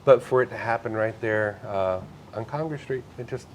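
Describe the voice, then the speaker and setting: A man, a psychic medium, telling stories in a relaxed podcast conversation, earnest and sometimes emotional. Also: lowish voice, normal speed, a little hiss or hum. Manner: storytelling, earnest, gets emotional.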